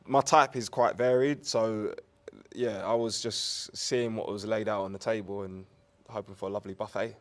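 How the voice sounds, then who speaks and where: A man's voice: on the low side, fairly even intonation, normal speed. A man answering an interview question hesitantly, with many fillers and a jokey turn of phrase. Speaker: reality show contestant. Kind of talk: casual press interview.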